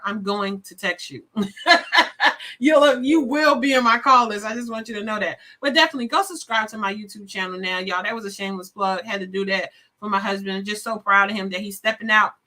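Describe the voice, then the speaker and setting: A woman hosting a live stream, speaking warmly and effusively straight to her viewers, a little sleepy. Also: mid-range voice. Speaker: live show host. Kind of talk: casual live-stream sign-off.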